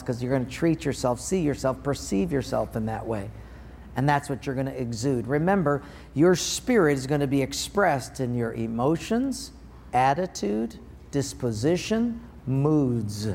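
An older man preaching a sermon as pastor, animated, acting out everyday scenes in playful voices. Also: a little high, gravelly, a little hiss or hum. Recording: reverberant hall.

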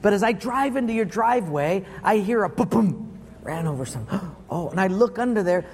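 A man's voice: sits high, expressive, moderate pace, darkish tone, in a large hall, a little hiss or hum. A man preaching a sermon, telling stories in a punchy, playful way. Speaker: pastor.

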